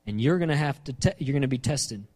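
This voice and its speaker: A man preaching a sermon, animated, repeating phrases and acting out the lines of scripture he quotes. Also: medium pitch, quick pace. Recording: long hall reverb.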